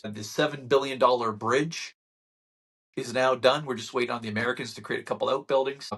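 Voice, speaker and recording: Husky man, channel host, fired-up sarcastic market update. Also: medium pitch. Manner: animated ranting, sarcastic mock quotes. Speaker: real estate channel host. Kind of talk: casual market-update talk to camera.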